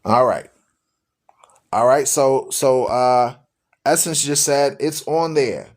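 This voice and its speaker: A man's voice: medium pitch, animated, slow pace, long pauses. A man hosting a live-streamed religious talk show, speaking to his listeners in a preachy, repetitive way. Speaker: radio show host.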